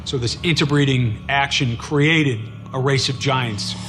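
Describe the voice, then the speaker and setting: A man speaking in a documentary interview, measured and thoughtful. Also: mid-range voice. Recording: documentary clip played in hall, music.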